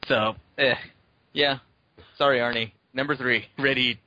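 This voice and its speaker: A man's voice: mid-range voice, unhurried, pauses often, bright, forceful tone. A man co-hosting a podcast in casual chat, joking and laughing as he talks. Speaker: podcast co-host. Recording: slightly dull recording.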